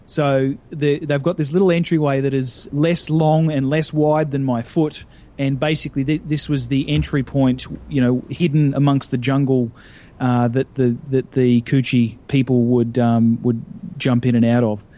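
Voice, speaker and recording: A man's voice: medium pitch, little pitch movement, normal speed, mellow. An Australian man co-hosting a podcast, a jokey, rambling storyteller in casual chat. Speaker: podcast co-host.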